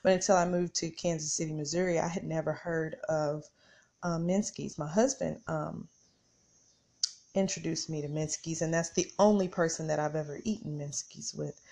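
A woman's voice: deep voice, fairly even intonation, moderate pace, creaky, dark tone. A middle-aged woman hosting a podcast, telling a casual story straight to her listeners and acting out her own reactions as she goes. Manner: chatty, addresses listeners directly, acts out her own reactions. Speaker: podcast host.

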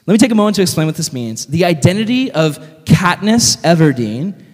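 An energetic male youth preacher with a fairly high voice who jokes and fires questions at his audience. His talk swings between quick asides and slow, emphatic points. The long reverb of a large hall follows every word. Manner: energetic, joking, quizzes the audience. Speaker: youth speaker. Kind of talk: sermon.

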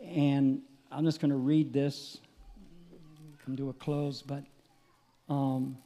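A man's voice: medium pitch, level tone, slow. Impassioned preacher man in a reverberant hall. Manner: impassioned, builds to shouting peaks then drops quiet. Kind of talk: sermon.

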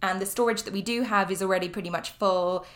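A young woman with a British accent talks through her podcast in a relaxed solo chat, her voice pitched in the ordinary middle. She keeps things upbeat and friendly, sprinkling in fillers and little laughs as she goes. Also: fast. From United Kingdom. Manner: chatty and upbeat, with frequent fillers and light laughs. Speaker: podcast host.

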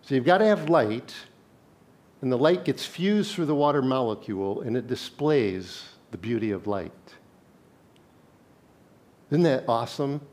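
A man's voice: mid-range voice, expressive, unhurried, long pauses, a little mellow. A male pastor preaching a sermon in a conversational way, reading scripture and putting questions to his congregation.

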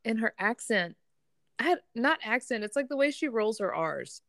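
Higher-voiced giggly woman, dry sound. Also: lively intonation, normal speed, a bit bright, dry recording. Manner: chatty, giggly. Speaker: podcast co-host. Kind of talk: casual chat about a TV show.

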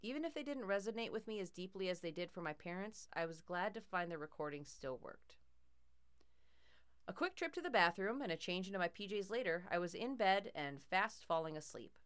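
A woman's voice: on the low side, animated, a little fast, clean tone. A woman narrating a first-person horror story in a tense, dramatic way.

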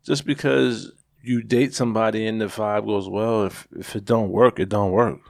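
A man with a low, gravelly voice co-hosts a podcast in casual chat. He is laid-back and jokey and draws out his phrases. The sound is dry and close on the mic. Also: steady tone, normal speed, no echo. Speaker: podcast co-host.

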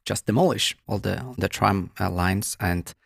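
A man's voice: sits low, measured pace, creaky, a bit bright, no echo, studio quality. A man hosting an interview in a guest's apartment, asking questions hesitantly, with fillers and rephrasings. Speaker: interviewer, podcast host. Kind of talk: casual conversational interview.

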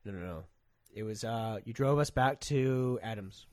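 A man's voice: lowish voice, moderate pace, darkish tone, no echo. Young Canadian man, casual chatty storyteller, swears freely, dry close-mic sound. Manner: rambling storytelling, lots of swearing and "like". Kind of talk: casual chat.

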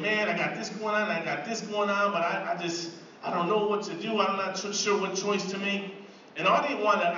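A man's voice: high-pitched, pushed and bright, slight background noise. Man preaching in an echoing church. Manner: conversational storytelling, rising to fervent preaching. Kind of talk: sermon testimony. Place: church sanctuary. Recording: echoey hall from far off, muffled.

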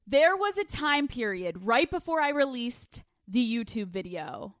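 A young woman hosting a podcast from a couch at home, telling stories in casual, animated chat full of swearing. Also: on the high side, measured pace, no room sound, clean studio sound. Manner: animated, profane, storytelling. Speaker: podcast host.

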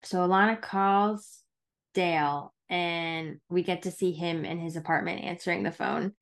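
A woman talking casually on a podcast, going back and forth about a show in an easy, agreeable way. Her voice sits a little low for a woman. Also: fairly even intonation, unhurried. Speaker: podcast co-host recapping a TV episode. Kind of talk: casual chat.

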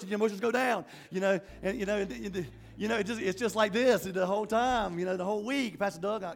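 High-voiced impassioned male pastor preaching. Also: rapid-fire, gravelly, few pauses. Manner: impassioned preaching with repetitions and restarts. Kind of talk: sermon.

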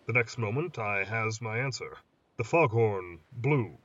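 A man narrating a dark story in a measured, atmospheric reading, as storyteller host, heard on a distant, muffled recording. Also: on the low side, lively intonation. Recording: distant muffled mic, faint hiss.

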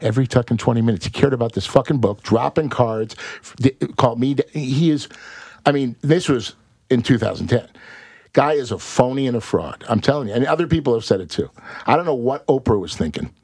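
A male actor, a guest on a podcast, telling a story in an animated, profane and rambling way. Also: mid-range voice, a little fast, dry recording, studio quality.

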